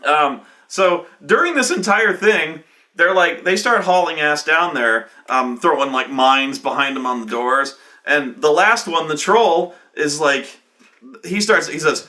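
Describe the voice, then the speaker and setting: A man casually recounting a tabletop game session, profane and animated, with many "like" fillers. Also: on the high side, a little slow. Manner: profane, animated, fills speech with "like". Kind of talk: casual anecdote.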